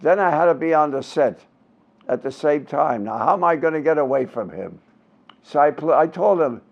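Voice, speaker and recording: An old man in his nineties from Brooklyn spins showbiz stories in a casual interview, building each one to a punchline. His voice is gravelly and sits a little high, and the recording sounds dull and lo-fi. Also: animated, moderate pace. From Brooklyn, New York. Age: 90s. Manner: anecdotal, showbiz raconteur with punchlines.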